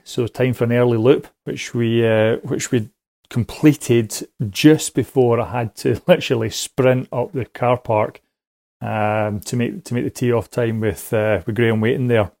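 A man's voice: mid-range voice, warm tone, no echo, studio quality. A man calling in with a story, rambling along with lots of ums and little laughs. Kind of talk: casual recorded voice message.

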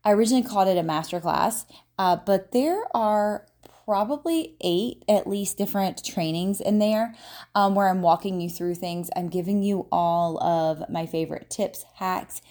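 Chatty woman podcast host, mellow voice. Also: medium pitch, moderate pace. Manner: chatty, many fillers and tag questions. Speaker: podcast host, marketer and business owner. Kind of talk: casual solo podcast talk.

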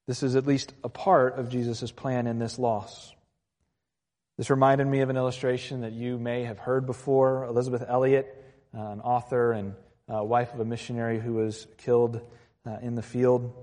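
A man preaching a sermon as a pastor, earnest, moving between quiet reflective lines and raised passages. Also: medium pitch. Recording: long hall reverb.

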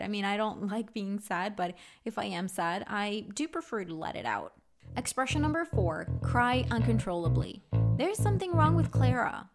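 A woman giving a casual English vocabulary lesson, chatty and candid, often pausing with "um". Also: mid-range voice. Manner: chatty, candid, with frequent ums. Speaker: English teacher.

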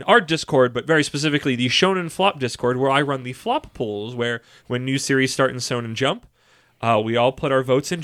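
A man's voice: on the high side, bright, forceful tone. A man co-hosting a podcast, chatting casually and rambling in a jokey, easygoing way. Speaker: podcast co-host. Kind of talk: casual chat.

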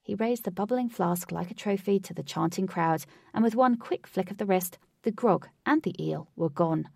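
A woman narrating a story aloud in a steady, even reading voice. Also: mid-range voice, moderate pace, gravelly, husky, no room sound, clean studio sound, recorded from a distance. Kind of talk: audiobook narration.

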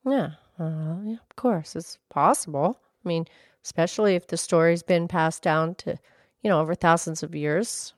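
A woman with a calm, low-key delivery, chatting and reading a poem aloud unhurriedly. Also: moderate pace, no room sound, studio quality. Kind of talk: casual chat and poem reading.

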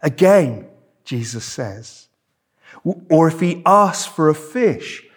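Slow, husky preacher. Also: male voice, a little high, very animated. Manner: emphatic, repeats key words. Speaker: pastor. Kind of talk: sermon. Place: church.

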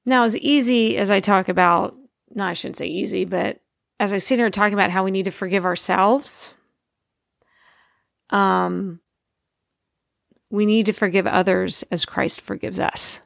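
A middle-aged woman speaks earnestly in a relaxed, conversational way about faith, leaning into key words by slowing down. Her voice has a gravelly, creaky edge. The sound is close and dry, with little room in it. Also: mid-range voice, no echo. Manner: earnest, conversational, slows to stress points. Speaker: Christian speaker, parent. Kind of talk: informal faith talk.

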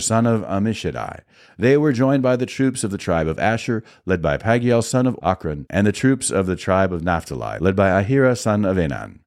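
A man reading scripture aloud in a measured, expressive delivery. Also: lowish voice. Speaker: Bible reader.

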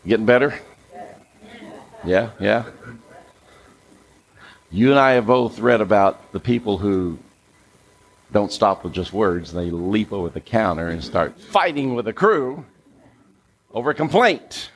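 A preacher giving a sermon in a church, animated and coaxing the congregation to take part. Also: male voice, lowish voice, a little slow, pauses often, a little hiss or hum, poor audio. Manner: animated, coaxes the audience.

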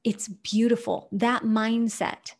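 A woman with a somewhat high voice hosts a motivational podcast. She speaks with animated emphasis and keeps turning to her listeners with pointed questions. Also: slow. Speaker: podcast host.

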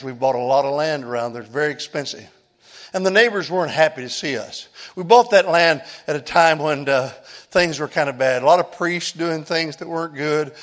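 Older preacher with a high voice. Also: male voice. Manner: storytelling, builds to loud preaching and altar call. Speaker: pastor. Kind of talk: sermon.

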